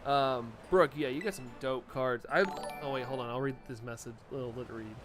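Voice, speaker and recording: A young man streams and talks loosely to his viewers, chuckling often and reacting to what they write. His pitch sits mid-range for a man, and faint music plays behind him. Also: moderate pace. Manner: chatty, laughs often, reacts to chat messages. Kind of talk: casual live-stream chat.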